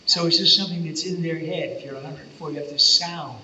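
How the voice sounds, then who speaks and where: A man's voice: a little high, fairly even intonation, quick pace, bright, forceful tone, slight background noise. An older man, a voice actor on a convention panel, telling playful anecdotes. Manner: playful storyteller, slips into character voices. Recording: echoey hall from far off, dull sound.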